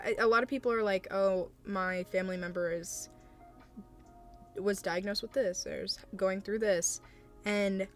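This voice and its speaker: A young woman streaming live, talking casually and gently to her chat, hesitant and supportive with many fillers. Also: medium pitch. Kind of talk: casual live-stream chat, reading and answering viewer messages.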